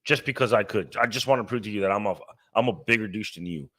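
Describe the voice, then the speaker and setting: A man's voice: fairly low pitch, fast, fairly bright tone. A man co-hosting a casual car podcast, ranting and swearing emphatically. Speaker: podcast co-host. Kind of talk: casual profane car chat.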